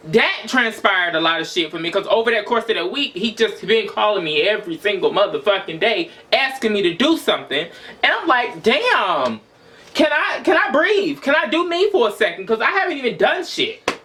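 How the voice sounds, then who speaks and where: A man's voice: high voice, bright, forceful tone. A man in his twenties venting in a raw, emotional, profane personal monologue for his vlog. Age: 20s. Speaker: vlogger.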